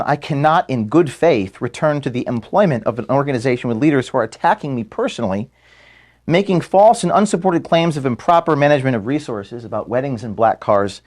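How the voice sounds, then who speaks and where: A man, the founder of an organization, giving an earnest, measured farewell statement to his staff from an office room. He speaks steadily, then grows quieter and halting when moved. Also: medium pitch.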